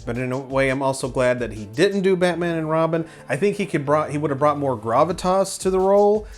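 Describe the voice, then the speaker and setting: A man's voice: on the high side, animated, fairly quick, faint music behind. Rambling, opinionated male film reviewer. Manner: rambling with many restarts and self-corrections; enthusiastic, opinionated. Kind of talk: casual opinion commentary.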